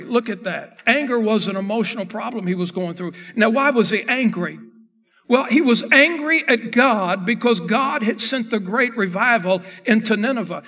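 High-voiced preaching pastor, man. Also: in a large hall. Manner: preaching with rising shouts and sung phrases. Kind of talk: sermon. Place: church sanctuary.

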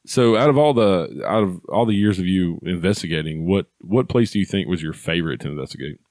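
Man, podcast host, very deep voice, dry close sound, casual chatty. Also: lively intonation, a little fast, a little mellow, dry recording. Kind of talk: casual interview chat.

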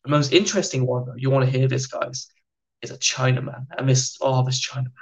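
A young British man in casual conversation as a podcast guest, telling anecdotes in an animated way and acting out the people in them. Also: medium pitch, fairly quick, creaky, dull audio. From United Kingdom. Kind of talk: casual storytelling.

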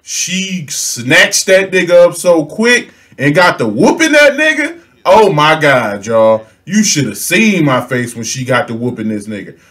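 A young man spins a comedic story for his viewers. He talks in loose slang, laughs often, and acts out each character's lines. His voice sits at an average pitch but rises and falls with wide, animated swings. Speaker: storytelling vlogger.

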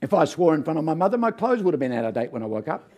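An older man with an Australian accent preaches as a guest speaker, mixing homely stories with humor. His voice sits high for a man yet sounds warm and mellow. He keeps asking the congregation for an amen. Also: very animated, very fast. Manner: folksy, humorous, calls out for amens. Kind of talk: sermon with storytelling.

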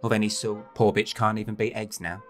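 An Englishman putting on the voice of a gossipy male office colleague, lower and quieter than his own voice. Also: level tone, a little fast, soft background music, close to an everyday voice. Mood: confiding.

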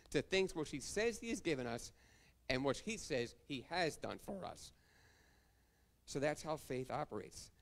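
A male pastor preaching a sermon, reading scripture verses and calling out to the congregation for amens. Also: mid-range voice.

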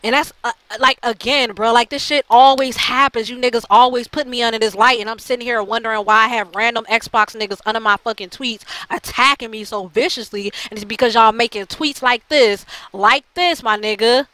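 A woman's voice: a little high, steady tone, brisk, few pauses, bright, forceful tone, no room sound, low-quality recording. A woman ranting bluntly in a heated, profane monologue to her channel, full of fillers and restarts. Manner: blunt, heated, heavy swearing; frequent fillers and repeated restarts. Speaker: channel host.

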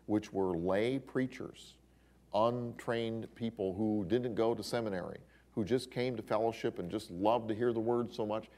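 Male Bible class teacher, slightly low voice, animated lecturing style. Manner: animated storyteller with exclamations.

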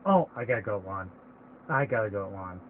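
In tinny, phone-like audio with game music behind him, a let's play host comments casually while gaming. His voice is lowish and expressive at a moderate pace, with slight hiss or hum, and he rambles chattily, hesitating and cutting himself off mid-thought.

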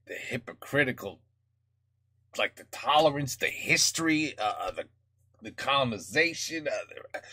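A man from the United States reacting to a music video in casual, halting commentary full of fillers and restarts. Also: mid-range voice, animated, bright, forceful tone, dry recording, studio quality. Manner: thinking aloud, many fillers and restarts.

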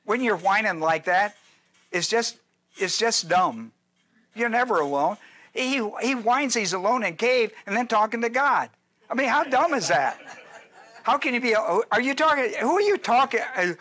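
A man's voice: high-pitched, lively intonation, moderate pace, fairly bright tone. A male pastor teaching a sermon in a folksy, joking way, with restarts and asides to his listeners.

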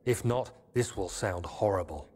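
An actor playing a man's recorded note voice, grave and urgent, with a solemn, measured reading. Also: low voice, a little mellow, a little hiss or hum, natural voice. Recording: long reverb with music behind.

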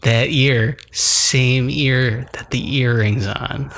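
A man's voice: medium pitch, steady tone, extremely slow, a bit bright. A man co-hosting a podcast, casually reviewing films in a blunt, joking way with casual swearing. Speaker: podcast co-host. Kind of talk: casual film review chat.

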